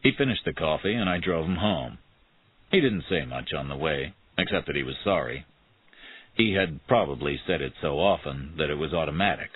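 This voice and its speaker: A man narrating a graded-reader detective story in a steady, measured way. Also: deep voice, breathy edge, dry recording. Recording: tinny phone-like sound.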